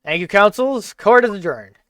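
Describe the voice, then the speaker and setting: A stately courtroom judge, formal and measured, as a man reads him out. The voice stays bright and high. Faint music plays underneath. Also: expressive, clear, resonant tone, no echo, clean studio sound. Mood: solemn.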